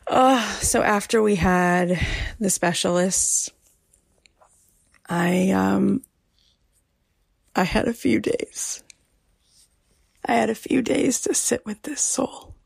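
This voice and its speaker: Brief: middle-aged woman podcast host, tender half-whispered delivery, very husky tone. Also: mid-range voice, fairly even intonation, dry recording. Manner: slow, soft, half-whispered and tearful. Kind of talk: personal story to listeners.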